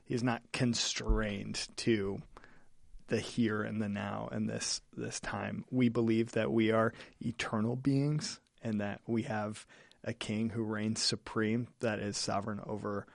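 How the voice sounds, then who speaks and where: An earnest male pastor with a gravelly, fry-laden voice works through his thoughts aloud, often restarting phrases. The recording is dry and close, with no room sound. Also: on the low side, little pitch movement, no echo. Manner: earnest, halting, many restarts. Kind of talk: casual podcast chat.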